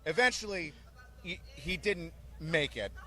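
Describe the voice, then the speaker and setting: A man's voice: a little high, unhurried. A man who is an army drill sergeant, telling stories animatedly in an interview and barking out orders. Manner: animated, barks quoted orders. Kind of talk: storytelling in an interview.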